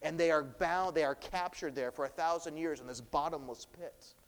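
Man, preaching, slightly high voice, dramatic emphasis, long church-hall reverb. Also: normal speed. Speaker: pastor. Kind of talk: sermon.

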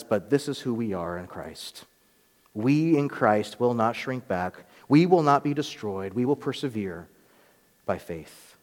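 Man preaching in a reverberant church. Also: medium pitch. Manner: preaching with rising emphatic swells and quiet drops. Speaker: pastor. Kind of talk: sermon. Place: church sanctuary.

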